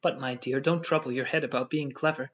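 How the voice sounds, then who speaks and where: A man voicing an excitable, tearful young wife who pleads and frets. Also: medium pitch, brisk, lightly acted. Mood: anxious pleading. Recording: dull lo-fi audio.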